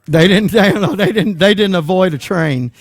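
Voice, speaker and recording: A man preaching a sermon, telling a personal story with lively voices for the people in it. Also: sits high, moderate pace, no echo. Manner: animated storyteller, acts out voices in quotes.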